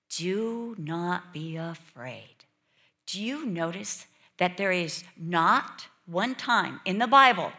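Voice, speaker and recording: A woman preaching a sermon, telling a childhood story with lively acted-out voices. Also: on the low side. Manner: animated, acts out quoted voices and childhood fears.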